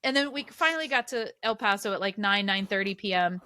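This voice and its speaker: A woman's voice: mid-range voice, fairly quick, sharp tone, clean tone, no echo, studio quality. A woman in her thirties, co-hosting a podcast and telling a rambling, self-mocking story in casual chat. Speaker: podcast co-host.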